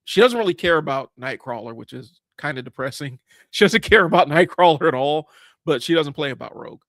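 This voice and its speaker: A man's voice: a little high, lively intonation, brisk, a bit bright, no room sound. A man in his forties hosting a livestream, talking casually and bluntly about comics, rambling with many fillers and restarts. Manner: blunt, casual, swears at times. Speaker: livestream host. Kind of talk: casual comic book commentary.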